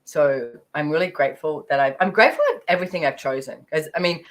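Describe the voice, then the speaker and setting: This is a middle-aged woman with a notably low, deep speaking voice. She tells a personal story in a loose, chatty way, rambling and filling her talk with small asides. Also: fast talker, rough recording. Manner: chatty, rambling, full of fillers. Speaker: speaker sharing her money journey.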